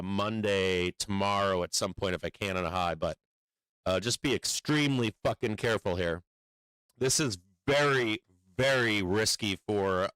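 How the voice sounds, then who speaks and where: A man's voice: fairly low pitch, a bit bright, smooth, no echo, rough recording. A man giving casual livestream market commentary, blunt and profane, rambling with many fillers and urgent warnings. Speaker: stock market streamer.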